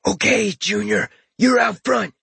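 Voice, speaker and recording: Bossy crude raid leader, hoarse whisper, pitched well up, put on by a male narrator. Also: brisk, fairly bright tone, no room sound, full character voice. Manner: hoarse stage whisper, smug.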